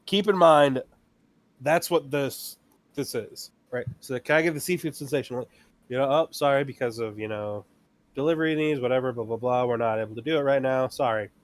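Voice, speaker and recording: A man in a relaxed podcast chat, spinning long stories about customers. He acts out the back-and-forth himself in an ordinary, mid-pitched voice. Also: moderate pace, no echo. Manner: storytelling, acting out customers and himself. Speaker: podcast co-host. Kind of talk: casual chat.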